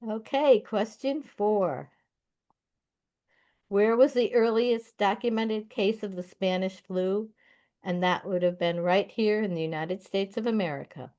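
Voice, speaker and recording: Slow-paced woman reading quiz answers. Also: medium pitch, dark tone. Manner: slow, deliberate, announces each question number. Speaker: trivia quiz host.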